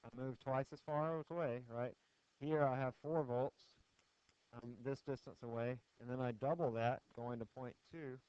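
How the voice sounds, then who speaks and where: A man lectures on physics in a lecture hall, tossing questions to the class in a casual, humorous way. He speaks at normal speed with a medium pitch, fairly even intonation, and a clear, resonant tone with no room sound, captured as dull, dry lo-fi screencast audio.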